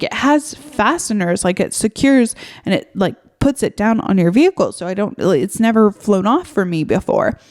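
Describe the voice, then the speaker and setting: A woman's voice: medium pitch, a little mellow. Rambling woman podcaster telling a story. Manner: rambling, filler-heavy, exasperated retelling. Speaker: podcast host. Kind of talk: casual storytelling monologue.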